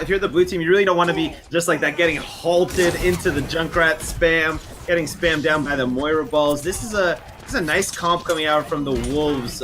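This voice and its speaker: A man's voice: fairly high pitch, noisy background. A man co-casting an esports match, chatty and joking, laughing often. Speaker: esports co-caster. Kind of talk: esports color commentary.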